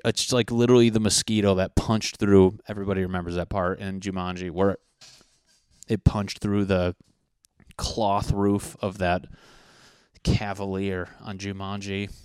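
A man's voice: lowish voice, steady tone, moderate pace, clear, resonant tone, no echo, clean studio sound. Rambling, profane podcast man. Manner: profane, tangent-prone, jokey. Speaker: podcast host. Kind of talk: rambling casual monologue. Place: apartment in Los Angeles.

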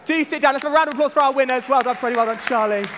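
A man's voice: extremely high pitch, racing, fairly bright tone, slight background noise. A man leading a church service, joking and running a game with the congregation in a playful family-service style. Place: large church hall with a congregation. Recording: long church reverb.

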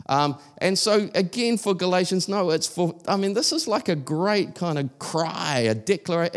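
A man giving a sermon at a church service, talking casually with frequent restarts and emphatic repetition. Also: fairly high pitch. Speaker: preacher.

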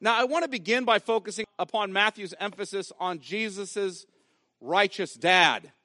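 High, bright-voiced male preacher. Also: normal speed, dry recording. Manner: emphatic preaching, repeats key phrases. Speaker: pastor. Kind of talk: sermon.

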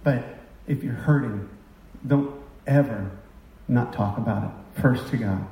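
A man's voice: mid-range voice, measured pace, mellow. Emotional preacher man in a roomy hall. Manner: emotional, confessional, rising to impassioned outbursts. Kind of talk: sermon. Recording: roomy sound from a distance.

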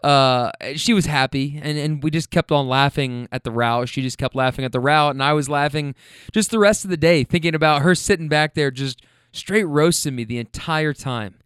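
A man's voice: on the high side, moderate pace, clean tone, no room sound, clean studio sound. A man, a rideshare driver, casually telling funny stories about his passengers, laughing and swearing as he goes. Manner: animated, laughing, profane. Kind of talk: casual storytelling.

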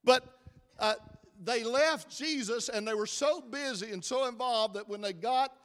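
A middle-aged pastor with a drawl, his voice sitting high for a man, delivers a folksy, easygoing sermon and teases his flock. His words ring out through the long reverb of a church sanctuary. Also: unhurried, a bit bright. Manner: folksy, chatty, jokes with the congregation.

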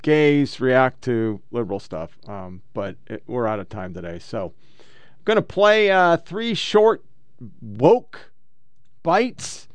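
A man's voice: mid-range voice, sing-song, slow, smooth, dry recording. A man hosting a podcast, setting up clips in an offhand way with frequent ums. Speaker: podcast host. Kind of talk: casual show hosting.

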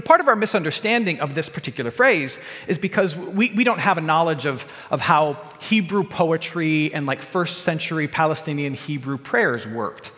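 A man preaching a sermon to his congregation, moving between loud emphatic lines and quiet low ones. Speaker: pastor. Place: church sanctuary. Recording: church hall with long reverb.

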